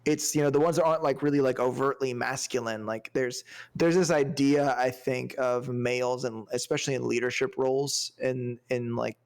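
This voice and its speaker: A man's voice: mid-range voice, fairly even intonation, normal speed. A man co-hosting a podcast, chatting casually about a film, rambling and searching for words with lots of fillers. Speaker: podcast co-host. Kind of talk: casual movie review chat.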